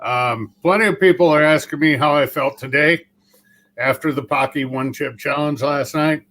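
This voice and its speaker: A man's voice: a little high, normal speed, a bit bright, poor audio. A man co-hosting a casual live-stream chat, reading out chat comments in a dry, matter-of-fact, teasing way.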